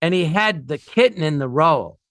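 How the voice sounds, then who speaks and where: A man's voice: on the high side, expressive, moderate pace, fairly bright tone, no echo, clean studio sound. A man telling rambling, funny anecdotes as a guest, often laughing at his own stories. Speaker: guest storyteller.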